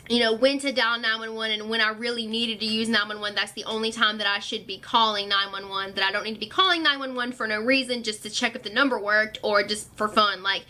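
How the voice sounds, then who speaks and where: A young woman telling a storytime vlog, animated and full of fillers, acting out what others said. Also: on the high side. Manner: animated, filler-heavy retelling, acting out quotes. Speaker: vlogger.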